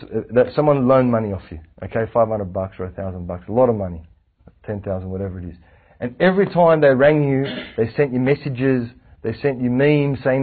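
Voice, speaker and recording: A man giving a casual religious class, lively and animated, acting out little anecdotes. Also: mid-range voice, brisk, breathy edge. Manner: lively, animated, acts out anecdotes, frequent restarts. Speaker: religious teacher. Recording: tinny phone-like lo-fi recording.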